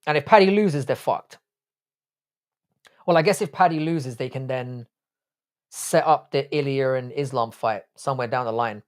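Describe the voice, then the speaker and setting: A young man born in Ireland and raised in London hosts a casual livestream, reading chat comments aloud and offering blunt, profane opinions. His mid-range voice moves at a normal speed with frequent pauses.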